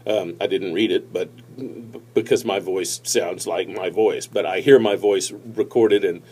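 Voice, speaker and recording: Relaxed man rambling through speaking tips. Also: low voice, measured pace, slightly rough. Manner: relaxed, rambling, many fillers and restarts. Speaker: presenter giving speaking tips. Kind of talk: casual instructional talk to camera. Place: seated, recording on a tablet. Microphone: tablet's built-in mic.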